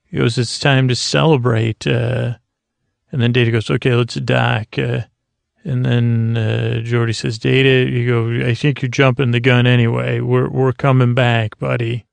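A man's voice: medium pitch, level tone, unhurried, vocal fry, no room sound. A man hosting a podcast, giving a meandering recap of a TV episode to help listeners fall asleep, full of fillers and restarts. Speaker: podcast host. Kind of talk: rambling TV episode recap for sleep.

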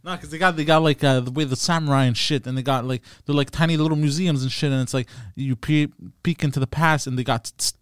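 A man's voice: on the high side, steady tone, fast, few pauses, smooth, dry recording, studio quality. A man co-hosting a podcast, speaking in laid-back slang and agreeing often in casual banter. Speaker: podcast co-host.

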